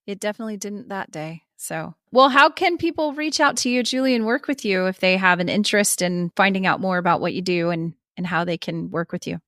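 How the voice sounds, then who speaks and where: A woman's voice: medium pitch, brisk, few pauses, a bit bright, dry recording, studio quality. A woman hosting a podcast interview, speaking in an earnest, reflective way and often quoting what she once said. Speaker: podcast host.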